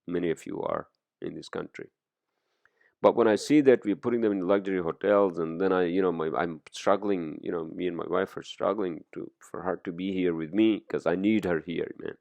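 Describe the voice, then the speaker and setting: A man talks through a loose solo podcast monologue, rambling and swearing freely between fillers. His voice sits very low with a gravelly fry, and the recording is dry and close. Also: moderate pace, a little mellow, no echo. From immigrant to the US. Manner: rambling, profane, many fillers. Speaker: podcast host. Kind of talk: casual monologue.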